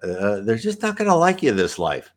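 A man hosting a talk that answers viewer questions, speaking in a relaxed, rambling way, restarting sentences and clearing his throat. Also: fairly low pitch, moderate pace. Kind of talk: casual spoken advice talk.

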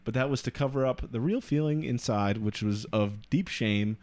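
A man's voice: medium pitch, normal speed, darkish tone. Rambling man telling a story. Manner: rambling, with many filler words. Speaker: podcast co-host. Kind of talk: casual storytelling chat.

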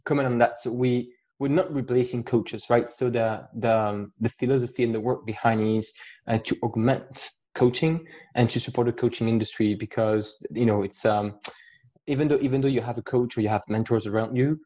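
A man from the south of France with a French accent, a guest in a casual podcast interview, speaking thoughtfully and haltingly with many fillers. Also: mid-range voice, steady tone, dark tone. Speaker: guest, coach and startup founder.

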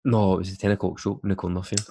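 A man's voice: deep voice, flat delivery, racing, warm tone, slight background noise. A Scottish man in a casual podcast chat, rambling through anecdotes with laughter.

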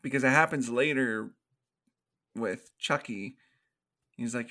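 Animated swearing man. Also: mid-range voice, slow, long pauses. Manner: animated, swears a lot, acts out scenes in quoted voices. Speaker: podcast co-host. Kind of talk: casual movie review chat.

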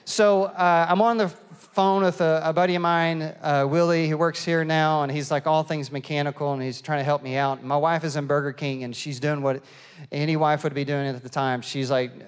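A middle-aged man preaching a sermon and telling a lively, self-mocking story, acting out the people in it. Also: on the high side, normal speed, smooth. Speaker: pastor. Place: church auditorium. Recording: long hall reverb.

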